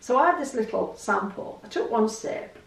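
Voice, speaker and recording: A woman's voice: on the high side, animated, moderate pace, vocal fry. An English woman vlogging in a chatty storytelling way, laughing easily as she talks. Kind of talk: casual chat to camera. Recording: roomy echo, distant mic.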